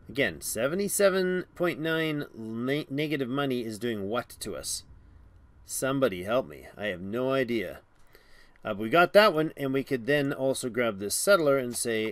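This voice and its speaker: A man talking through a strategy game in a loose, chatty way, reading the game's text aloud and breaking into excited outbursts. His pitch rises and falls a lot as he reacts. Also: moderate pace. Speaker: game streamer. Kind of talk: casual gameplay commentary.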